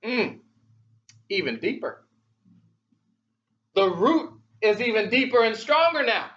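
A man's voice: high-pitched, sing-song, takes it slowly, pauses often, a bit bright, lo-fi sound. A man preaching a sermon in a conversational way, asking many rhetorical questions of his congregation.

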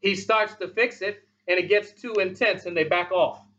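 High, bright-voiced man preaching emphatically. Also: steady tone, normal speed, lo-fi sound. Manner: emphatic, repetitive preaching with big swings in loudness. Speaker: pastor. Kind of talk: sermon.

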